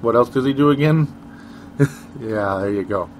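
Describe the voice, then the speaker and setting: Man, casual sports chat, sarcastic asides, medium pitch, faint noise behind. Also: moderate pace. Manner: rambling, chuckling, sarcastic asides. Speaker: co-host of a sports talk show.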